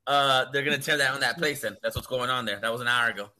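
A man's voice: medium pitch, fast talker, pushed and bright. A man in his thirties co-hosting a podcast in casual chat, joking and teasing, with frequent laughs. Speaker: podcast co-host.

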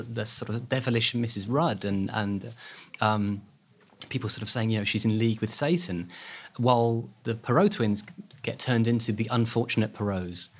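A man's voice: mid-range voice, breathy edge. Man telling history animatedly. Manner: lively, animated, hedging with fillers. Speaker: guest author. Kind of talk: conversational storytelling.

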